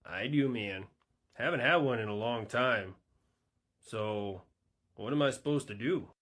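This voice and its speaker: A man voicing a laid-back California man who talks slow and low-key. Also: fairly bright tone. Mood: mellow.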